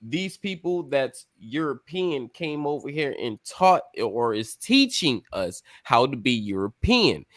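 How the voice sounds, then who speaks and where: A man's voice: mid-range voice, big pitch swings, measured pace, hardly any pauses, a bit bright. A man hosting a casual talk show, rambling and emphatic, cursing freely as he explains his views. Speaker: podcast host. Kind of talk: casual chat.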